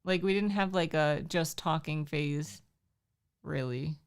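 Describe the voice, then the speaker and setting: A woman's voice: deep voice, takes it slowly, smooth. A woman in her thirties co-hosting a livestream, chatting casually and defending herself with a laugh. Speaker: livestream co-host. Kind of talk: casual chat.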